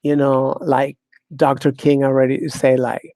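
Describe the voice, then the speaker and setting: A woman's voice: rumbling low, flat delivery, measured pace, dark tone, dry recording. A woman hosting her own talk show, delivering a blunt, sardonic monologue, cursing freely and laughing often. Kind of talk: casual monologue.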